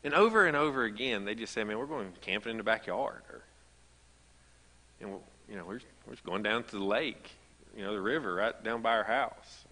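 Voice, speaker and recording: A pastor with a lowish, sharp-toned voice and lively intonation preaches at a moderate pace in a church sanctuary with a big-room sound. His sermon unfolds as conversational storytelling that builds until it turns emphatic.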